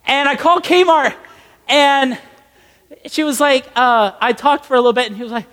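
A young man in his twenties preaching in a casual storytelling style, animated, emphatic and self-mocking. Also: very high voice, moderate pace. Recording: long echoey hall reverb.

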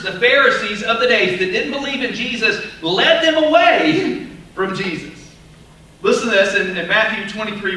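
A male pastor preaching an emphatic, animated sermon with casual asides. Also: very high-pitched, recorded from a distance. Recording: echoey hall, voice off-mic, faint noise.

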